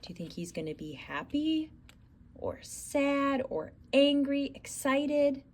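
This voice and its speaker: A woman's voice: high-pitched, very animated, slow, darkish tone. A woman reading a rhyming children's picture book aloud in a theatrical, sing-song way. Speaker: storyteller.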